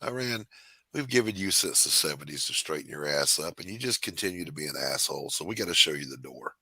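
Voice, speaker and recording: A man's voice: rumbling low, lively intonation, quick pace, creaky, sharp tone, husky, no echo. A man talking bluntly and crudely in a casual stream chat. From New Zealand.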